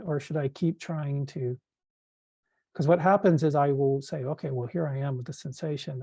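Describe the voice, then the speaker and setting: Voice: mid-range voice, dark tone, no echo. A person asking a hesitant personal question at a spiritual meeting, often searching for words.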